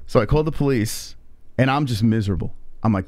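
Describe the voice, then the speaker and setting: A man's voice: lowish voice, fast, darkish tone, no room sound. A man hosting a live stream, telling a story in a casual, profane way and acting out the people he quotes. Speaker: stream host.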